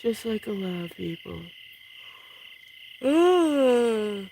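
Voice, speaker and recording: A man talks to his livestream viewers late at night, slowly and with a gravelly edge. He sounds drowsy and relaxed and yawns between remarks. Crickets, frogs and insects fill the night air around him outdoors. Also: medium pitch, noisy background. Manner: sleepy, yawning, slow and relaxed. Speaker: livestream host.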